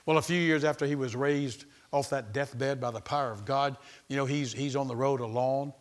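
A man's voice: mid-range voice, fairly even intonation, normal speed. A man preaching a sermon, emphatic and repetitive, calling out to the congregation.

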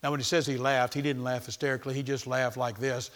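A man's voice: medium pitch, little pitch movement, fast talker, hardly any pauses, a bit bright. A man preaching a sermon, emphatic and repetitive, calling out to the congregation.

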